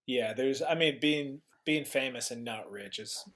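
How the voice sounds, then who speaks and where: A man's voice: mid-range voice, a little slow, fairly bright tone. A man who is a guest on a podcast, talking casually and thoughtfully, often starting his sentences over. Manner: thoughtful, hesitant, restarts sentences.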